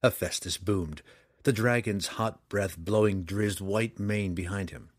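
A man reads a fantasy story aloud with dramatic, expressive phrasing. His voice sits low and slightly husky, with lively swings in pitch. The sound is dry and close. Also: measured pace, dry recording. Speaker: audiobook narrator. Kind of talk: scripted fantasy narration.

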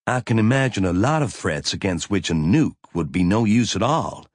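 A man's voice: on the low side, expressive, normal speed, no room sound, studio quality. A man reading an audiobook, voicing a weary female ship captain who speaks bluntly and with command. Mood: skeptical.

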